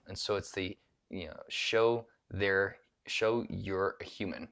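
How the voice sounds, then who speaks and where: Low-voiced man coaching on speaking. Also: measured pace, fairly bright tone. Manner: rambling, self-correcting, with many restarts and filler words. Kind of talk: solo talk to camera on empathy.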